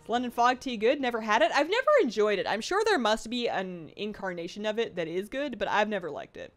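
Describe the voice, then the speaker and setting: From her home apartment, a young woman livestream host chats casually while reading viewer comments. She's rambling and self-deprecating, full of ums and restarts, speaking briskly at medium pitch with big swings.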